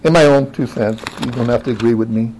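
A man preaching a sermon who talks directly to his congregation, moving from quiet asides to rising, emphatic exclamations. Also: mid-range voice, fast talker, slight background noise, low-quality recording.

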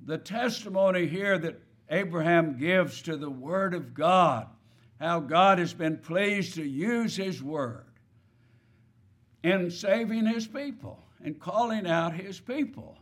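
A man's voice: high voice, expressive, slow. A man preaching a sermon, stressing key words and asking his listeners rhetorical questions.

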